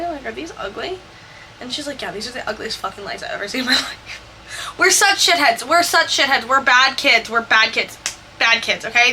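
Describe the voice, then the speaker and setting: Bright high-voiced young woman, chatty. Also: slight background noise. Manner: chatty, profane, quick asides. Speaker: Sims builder and vlogger. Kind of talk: casual storytelling voice-over.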